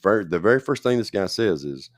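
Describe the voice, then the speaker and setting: A man's voice: fairly low pitch, animated, fast, no room sound, clean studio sound. A man hosting a show and telling his own story in a loose, rambling way, often checking that the listener is following. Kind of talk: casual spoken storytelling.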